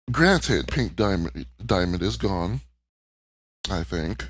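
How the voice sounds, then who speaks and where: Candid, emotional man with a low voice. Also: animated, takes it slowly. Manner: candid, emotional, swears casually. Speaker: podcast co-host. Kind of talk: casual chat recapping a cartoon.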